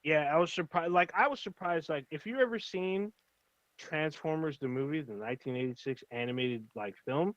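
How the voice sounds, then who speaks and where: A man's voice: on the high side, moderate pace, fairly bright tone, no room sound, dull audio. A man co-hosting a casual livestream chat, rambling and enthusiastic, swearing freely. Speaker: podcast co-host.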